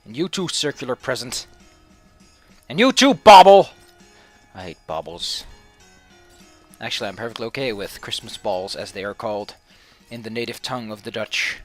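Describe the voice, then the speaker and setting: A man's voice: mid-range voice, big pitch swings, moderate pace, long pauses, soft background music. Sarcastic man ranting over gameplay. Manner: sarcastic, mock-villainous ranting with swearing. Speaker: let's play host. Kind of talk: casual gameplay commentary.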